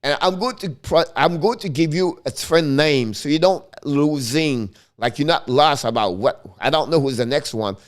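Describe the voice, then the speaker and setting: A middle-aged man hosting a casual live hockey stream, talking excitably and often restarting and correcting himself. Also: fairly high pitch, normal speed, hardly any pauses.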